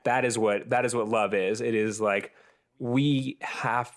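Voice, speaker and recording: A man's voice: medium pitch, fairly even intonation, unhurried. A man hosting a podcast in casual chat, rambling and thinking aloud with many fillers. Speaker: podcast host.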